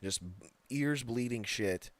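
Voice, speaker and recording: A man's voice: medium pitch, takes it slowly, dry recording. A man co-hosting a casual wrestling podcast, talking bluntly, swearing freely and laughing often. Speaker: podcast co-host.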